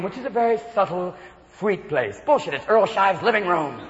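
A male stand-up comedian performing a manic routine, shouting and jumping in and out of voices before a live audience. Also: high voice, expressive, normal speed. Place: large venue with a live audience. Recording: lo-fi live hall recording with crowd.

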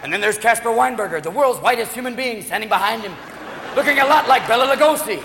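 A male stand-up comedian doing an animated, rapid-fire routine in a live venue, slipping in and out of voices. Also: very high-pitched, vocal fry, slight background noise. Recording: live club mic, echoing hall, crowd.

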